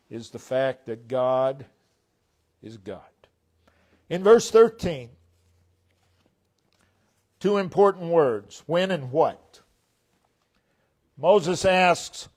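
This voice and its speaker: A man with a high voice delivers a sermon at a slow, deliberate pace. He preaches with emphasis, pushing key phrases out loud and letting their endings drop soft, recorded in a church. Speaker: pastor. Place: church sanctuary.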